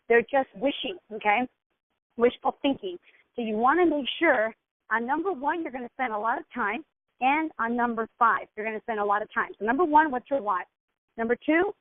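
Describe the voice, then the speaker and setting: A woman's voice: on the high side, no echo. A woman giving an informal business training talk, speaking conversationally and acting out sample questions with plenty of fillers. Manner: conversational, acts out sample dialogues, many fillers. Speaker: business mentor. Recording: tinny phone-like dry sound.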